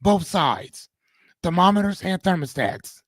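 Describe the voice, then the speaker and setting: A middle-aged man with a slightly higher voice hosts a live motivational podcast. He lectures his listeners bluntly, swears casually and keeps asking them to respond. The sound is close and dry, with no room around it. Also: a little slow, dry recording. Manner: preachy, blunt, addresses audience directly, swears casually. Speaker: podcast host.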